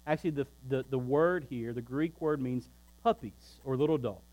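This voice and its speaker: A pastor preaching a sermon, emphatic and shifting between loud preaching and quiet, low asides. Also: male voice, normal speed, muffled recording.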